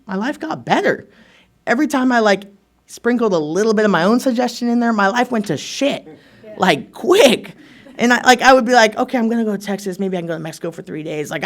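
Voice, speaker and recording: A young man with a slightly higher-than-usual voice tells his story to a live recovery meeting. He talks casually and leans on fillers. He jokes at his own expense and slips into other people's voices when he recounts what they said. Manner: casual and chatty, many fillers like "like" and "right?"; acts out remembered conversations with shifts in tone. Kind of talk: personal testimony told to a live audience.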